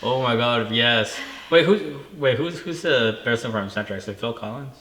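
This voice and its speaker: A man's voice: medium pitch, moderate pace, pushed and bright. A male co-host in casual chat who swears freely and laughs easily. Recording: echoey room.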